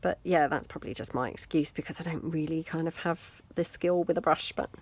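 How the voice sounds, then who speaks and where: Deep-voiced and talking a little fast, this British woman hosts a casual mixed media crafting video. She's chatty and self-deprecating, thinking aloud while she works.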